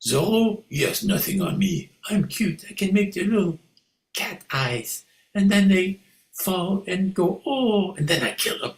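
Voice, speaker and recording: A man's voice: sits high, expressive, a little slow. A man voicing a vain, swashbuckling male cat in boots, with a put-on Latin American accent, over a video call. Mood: boastful. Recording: echoey room.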